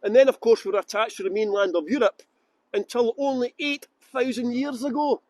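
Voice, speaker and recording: A man's voice: extremely high pitch, fairly even intonation, brisk, darkish tone, no room sound. A Scottish man hosting a live virtual tour outdoors, chatting upbeat and greeting viewers by name. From Scotland. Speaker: tour guide host.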